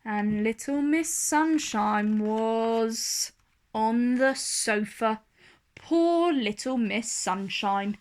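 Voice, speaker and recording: A woman reading a children's storybook aloud in a slow, expressive manner. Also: on the high side.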